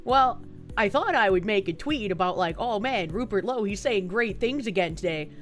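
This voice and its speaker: A young adult woman live streaming and reading out chat in casual talk, swearing often and swinging between soft mumbling and loud outbursts. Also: medium pitch, expressive, normal speed, faint music behind.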